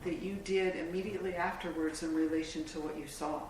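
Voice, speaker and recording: A woman's voice: fairly low pitch, steady tone, fairly quick, a little mellow, slight background noise. Distant woman interviewer, echoey room. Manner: brief, probing questions. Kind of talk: interview questioning.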